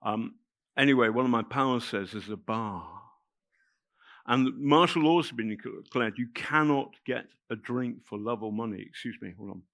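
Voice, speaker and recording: A middle-aged man, telling a personal story to an audience in a halting, emotional way with many restarts. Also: medium pitch, a bit bright, no room sound, clean studio sound. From England. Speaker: festival speaker telling a story. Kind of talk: spoken anecdote to a live audience.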